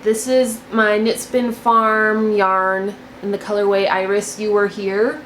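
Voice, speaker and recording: A woman's voice: medium pitch, little pitch movement, slow, fairly bright tone, a little hiss or hum. Woman, young adult, casual show-and-tell, gushing, repeats herself, echoey room. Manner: chatty, gushing, repeats words for emphasis. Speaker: knitting podcast host.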